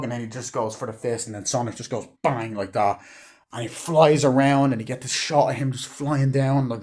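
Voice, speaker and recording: A man giving a casual movie review, rambling excitedly, swearing often and retelling scenes. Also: medium pitch, fairly quick.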